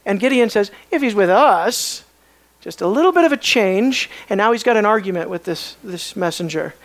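A Bible teacher giving an expository lecture, often pausing to put questions to the students. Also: medium pitch, expressive. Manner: questioning, emphatic, pauses to ask the class.

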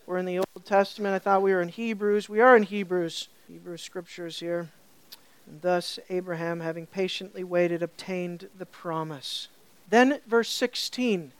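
A woman pastor preaches a sermon, questioning her listeners and repeating points for emphasis. She climbs to loud, high peaks, then sinks to a soft, low voice when reading scripture, in a dry recording.

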